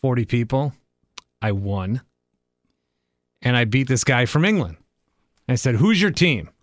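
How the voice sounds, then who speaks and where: A man's voice: mid-range voice, lively intonation, no room sound, clean studio sound. A man from Wisconsin hosting a casual podcast chat, wisecracking and poking fun at himself. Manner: wisecracking and self-mocking, quick asides. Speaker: podcast host.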